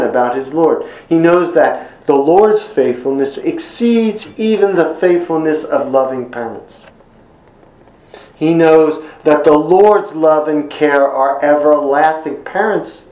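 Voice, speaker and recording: A man's voice: fairly high pitch, darkish tone. Earnest preacher man in an echoey room. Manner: earnest, emphatic repetitions, slows for scripture quotes. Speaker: pastor. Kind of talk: sermon.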